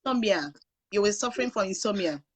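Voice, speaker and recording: A woman's voice: medium pitch, animated, fast talker. A woman hosting a talk show who answers with short affirmations and repeats her guest's words back. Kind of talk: interview talk.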